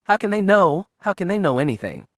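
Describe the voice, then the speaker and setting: A man's voice: medium pitch, lively intonation, brisk, no room sound, clean studio sound, lightly acted. A man reading the part of a brash, impatient young male Inquisitor who sounds annoyed.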